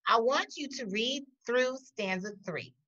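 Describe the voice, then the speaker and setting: A woman teacher giving a recorded poetry lesson, talking slowly and deliberately and pausing to question the class. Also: a little high, expressive, sharp tone. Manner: slow, deliberate, with pauses. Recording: dull lo-fi audio.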